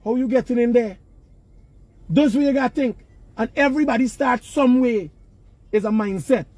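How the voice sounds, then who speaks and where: Out near work sites, a man with a Guyanese accent lectures passers-by about work and money in a casual street vlog. His voice is very high-pitched and a little mellow, with a moderate pace and no echo, and his emphatic delivery leans on Creole.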